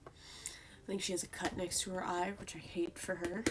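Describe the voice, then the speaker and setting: A woman's voice: lowish voice, little pitch movement, moderate pace, very noisy. Woman cooing at her cat on stream. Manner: coos at her pet cat in a sing-song baby voice; drops into soft whispers now and then. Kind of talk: casual live-stream chat. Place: home room while streaming.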